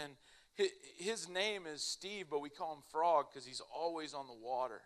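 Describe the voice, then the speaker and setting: A man's voice: fairly high pitch, unhurried. A young man, telling a humorous story to a live church audience and laughing along as he goes. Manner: animated, laughs through his own story. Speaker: speaker at a church family event.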